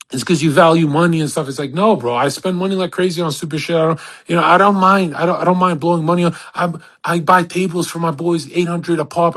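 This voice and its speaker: Husky, brash man ranting on a live audio chat. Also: high voice, fairly bright tone. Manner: boastful, crude and profane; rambling, with many restarts and acted-out quotes.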